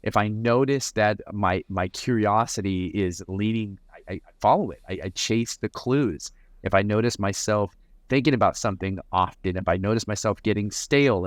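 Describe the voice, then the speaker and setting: Guest coach, male, lower pitch, thoughtful, restarts his phrases, very dry close mic. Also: no room sound. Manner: reflective, repeats words when starting a thought. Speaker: mental performance coach, guest. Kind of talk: conversational interview answers.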